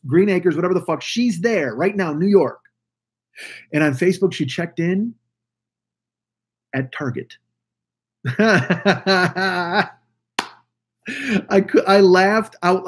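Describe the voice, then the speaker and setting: A man's voice: high voice, husky. A man hosting a live stream, rambling and swearing casually as he greets viewers over a webcam mic. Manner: profane, rambling, chatty. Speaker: live stream podcast host.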